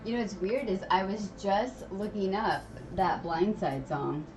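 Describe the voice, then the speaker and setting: A woman's voice: medium pitch, unhurried, a little mellow, soft background music. A woman chatting casually and playfully on her husband's stream. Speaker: co-host, streamer's wife. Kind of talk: casual chat.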